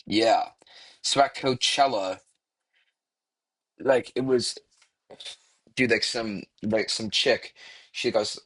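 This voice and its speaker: A young man rambling through casual online commentary, swearing freely and filling pauses with "like" and "um.". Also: on the low side, fairly bright tone. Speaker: commentary YouTuber.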